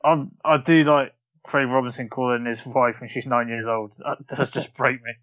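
A man's voice: medium pitch, fairly even intonation, moderate pace, fairly bright tone. A man chatting casually about a film, laughing often. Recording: dull lo-fi sound.

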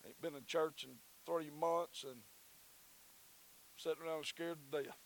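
Brief: Southern pastor, high-pitched man, folksy and fervent, sermon delivery. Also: steady tone, unhurried, slight background noise, rough recording. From Southern United States. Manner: folksy, repetitive, rising to fervent preaching.

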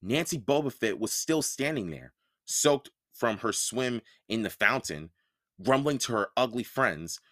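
A male reader narrating a first-person novel with an animated, expressive lift and fall in his voice. He sits at a middle pitch, recorded close and dry with no room sound. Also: unhurried, no echo. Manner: expressive storytelling. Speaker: audiobook reader.

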